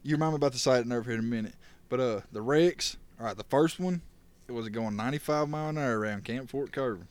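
A man's voice: mid-range voice, fast, hardly any pauses, smooth. A young man telling wild stories on a casual podcast, laughing and acting out what people said. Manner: rowdy, laughing storyteller who acts out quotes. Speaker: podcast co-host. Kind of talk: casual storytelling chat.

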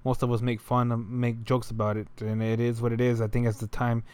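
A man's voice: mid-range voice, monotone, fairly quick, darkish tone, smooth. A young man telling a story in a loose, rambling way, full of slang and fillers. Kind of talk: casual storytelling monologue.

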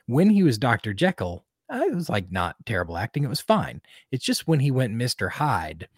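A man's voice: medium pitch, moderate pace, husky, no room sound, studio quality. A man co-hosting a podcast, chatting casually and rambling with lots of fillers. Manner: animated, rambling, many fillers. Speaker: podcast co-host. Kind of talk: casual chat.

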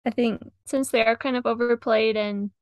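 A woman's voice: fairly high pitch, fairly even intonation, moderate pace, a little mellow, dry recording. A young woman chatting casually about songs as a podcast co-host, giggly and full of "like". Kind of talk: casual chat reviewing songs.

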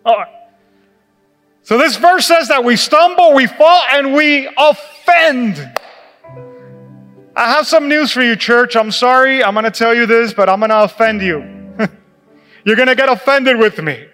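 Male pastor, middle-aged, animated sermon, high voice, reverberant church hall, soft music behind. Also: measured pace, pauses often. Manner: animated, laughing, acts out quoted voices. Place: church sanctuary.

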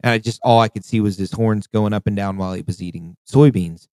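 A man hosting a casual podcast, cursing often and reliving a hunting trip in a lively, laughing way. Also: fairly low pitch, fast, no echo. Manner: profane, animated retelling with acted quotes. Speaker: podcast host. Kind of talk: casual storytelling chat.

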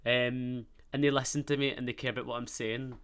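A Glaswegian man chats away on his podcast in a bright, forward voice. He rambles, swears freely and pokes fun at himself. His pitch sits in an ordinary middle range for a man. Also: flat delivery, brisk, clean tone. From Scotland. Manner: rambling, sweary, self-mocking banter. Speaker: podcast host. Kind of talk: casual solo podcast chat.

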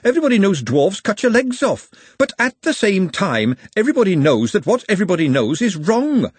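A blunt, outspoken young woman as a male narrator puts her on talks high and forcefully, pressing every point. His own husky edge still shows under the raised pitch. The lines swing widely in tone, close to the mic in a dry space. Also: big pitch swings, brisk, no echo. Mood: urgent.

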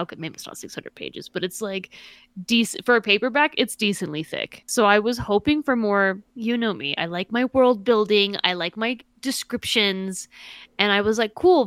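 Woman podcasting, chatty and sweary, smooth clear voice, dry close sound. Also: mid-range voice, no room sound. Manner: animated, profane, mocks characters in exaggerated voices. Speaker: podcast co-host. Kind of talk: casual chat.

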